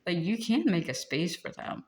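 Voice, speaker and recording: A channeled tarot reading delivered in a loose, chatty way. The reader drifts between thoughts, leans on filler words and keeps slipping into giggles mid-sentence, with a middling pitch. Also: big pitch swings, normal speed. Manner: rambling, many "like" fillers, prone to giggling. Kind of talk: casual spoken spiritual reading.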